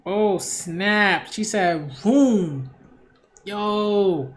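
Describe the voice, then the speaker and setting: A man reading a manga aloud and reacting to it in a casual, excitable way, full of slang like "yo" and "like". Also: on the high side, slow pace. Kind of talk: casual read-along reaction.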